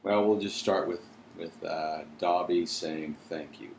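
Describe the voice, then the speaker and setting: A man's voice: sits low, fairly even intonation, a little slow, a little mellow, slight background noise. A father reading a storybook aloud to his children, chatting playfully between passages. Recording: roomy echo.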